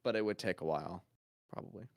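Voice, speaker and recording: A man's voice: deep voice, fast talker, darkish tone, dry recording, studio quality. A man hosting a casual podcast chat, rambling and laughing often.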